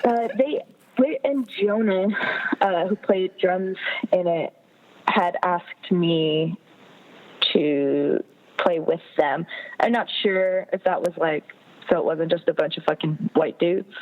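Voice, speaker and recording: A woman's voice: lowish voice, slow pace, narrow, tinny audio. Woman in her thirties getting over a cold. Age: 30s. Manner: frank, chatty, swears casually. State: getting over a cold, slight vocal fry. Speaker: podcast guest. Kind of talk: casual chat.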